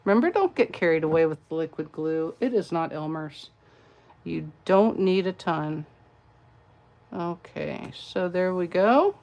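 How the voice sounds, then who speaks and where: A woman's voice: lowish voice, animated, measured pace, darkish tone. A middle-aged woman from California with a Southern accent, demonstrating card crafts in a playful, chatty, self-deprecating way at her crafting table. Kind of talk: live craft tutorial.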